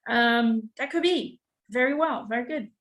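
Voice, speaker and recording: A woman's voice: a little high, normal speed, a bit bright, rough recording. A woman giving a channeled spiritual reading, relaying a guide's messages with frequent "he says" and ums. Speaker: spiritual reader.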